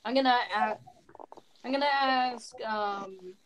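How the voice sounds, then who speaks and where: Slow, hesitant young woman player. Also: fairly high pitch, a little hiss or hum. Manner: hesitant, full of ums and restarts. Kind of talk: casual tabletop game play.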